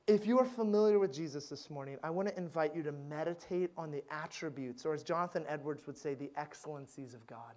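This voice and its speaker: A male pastor giving a sermon, swinging between loud emphatic lines and hushed, gentle ones. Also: on the high side, brisk, hardly any pauses.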